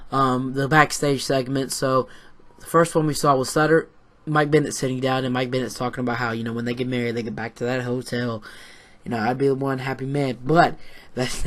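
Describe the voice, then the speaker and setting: Here a man with a medium-pitched voice chats excitedly about a wrestling show he watched. The recap wanders, with plenty of swearing, filler words, and sentences he abandons and begins again.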